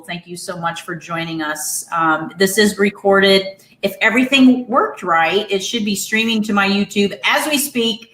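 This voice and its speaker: A woman's voice: mid-range voice, bright, forceful tone. A woman hosting a casual webinar over a video call, upbeat and friendly, with many fillers. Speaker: webinar host. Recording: echoey room.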